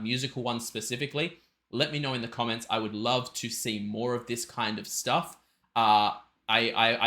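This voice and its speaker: A man's voice: mid-range voice, pushed and bright. An Australian man hosting a reaction video, talking enthusiastically and emphatically in a rambling way. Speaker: reaction channel host.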